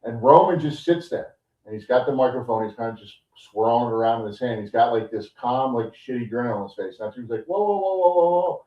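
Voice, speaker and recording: A man co-hosting a podcast who recaps a show in casual, animated chat full of "like" and "you know". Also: medium pitch, fast, far from the mic. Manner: animated storytelling with many fillers. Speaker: podcast co-host. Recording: dull, roomy sound from off-mic.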